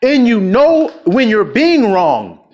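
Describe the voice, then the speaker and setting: A man's voice: very high voice, wildly swooping pitch, slow pace, darkish tone, dull audio. A man delivering an angry, profane street sermon, scolding his listeners and mocking the voices of people he quotes. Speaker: preacher.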